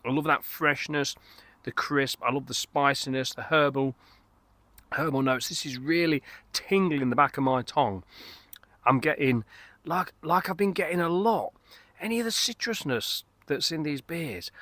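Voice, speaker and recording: A middle-aged Englishman chats about a beer in a rambling, eager way, stopping and restarting his thoughts. His voice is bright and forward. The sound is close and dry, recorded outside in a garden. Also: mid-range voice, no echo. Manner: rambling, enthusiastic, lots of fillers and restarts. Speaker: beer reviewer. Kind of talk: casual beer review vlog. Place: outdoors in a garden.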